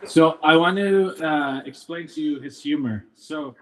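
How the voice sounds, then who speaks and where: A man's voice: on the high side, a little slow, slight background noise. A young man, a son from Canada, giving a eulogy at a memorial gathering, telling stories about his father in a playful, joking and emotional way. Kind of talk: memorial speech with storytelling.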